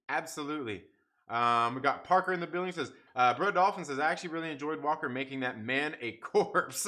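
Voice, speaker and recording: A young man hosting a casual livestream review, excitable, repeating himself and swearing often. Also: on the high side. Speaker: YouTube show host reviewing TV episodes.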